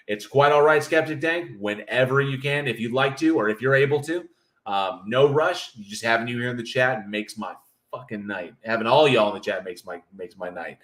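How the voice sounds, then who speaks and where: A man's voice: mid-range voice, fairly bright tone. A man hosting a livestream in casual chat, reading viewer comments aloud and joking with a loose, profane manner. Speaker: livestream host.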